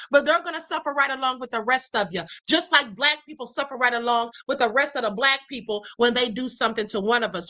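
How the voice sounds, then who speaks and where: A woman's voice: a little high, bright, forceful tone. A woman hosting a livestream, commenting on clips in a blunt, emphatic and sassy way. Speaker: livestream host.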